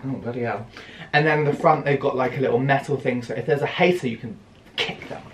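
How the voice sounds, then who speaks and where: A young man with a British accent, excitedly unboxing a clothing haul and exclaiming, gasping and laughing often. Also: medium pitch, a little fast. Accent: British English. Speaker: fashion vlogger. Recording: echoey room with clear background noise.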